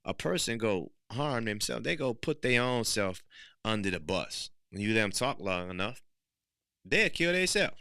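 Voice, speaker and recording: A man hosting a podcast, talking in a casual motivational monologue full of street slang, now and then rising into loud emphatic bursts. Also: fairly low pitch, lively intonation, normal speed, creaky, clean tone, no room sound, clean studio sound. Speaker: podcast host.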